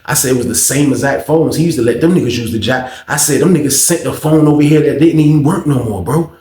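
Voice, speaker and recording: A man telling a casual storytime monologue, cursing and acting out the voices of the people in his story. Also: fast. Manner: animated, acts out voices with big pitch jumps, heavy slang and cursing. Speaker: storyteller host. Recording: roomy echo.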